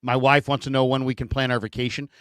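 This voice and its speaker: Bright-voiced man hosting a sports chat. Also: medium pitch, fast, smooth, no room sound. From San Francisco. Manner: animated storyteller, acts out shouted voices. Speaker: sports talk show host. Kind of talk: casual sports podcast chat.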